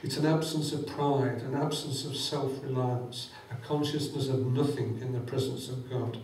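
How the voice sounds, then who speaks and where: A man's voice: medium pitch, fairly even intonation, normal speed, a little mellow, a little hiss or hum. A man preaching a sermon, fervent and quoting scripture with rising emphasis. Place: church hall. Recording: echoey church hall, mic at a distance.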